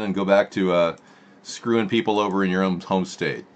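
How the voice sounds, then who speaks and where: Deep-voiced man muttering over headlines. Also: steady tone, normal speed, dull audio. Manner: muttering asides while reading headlines. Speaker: live stream host. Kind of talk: casual live stream commentary.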